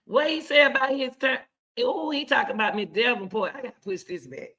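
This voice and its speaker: Excitable chatty woman reacting, bright voice. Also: fairly high pitch, a little fast. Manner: excitable, chatty, repeats herself. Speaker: commentary host. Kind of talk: casual reaction commentary.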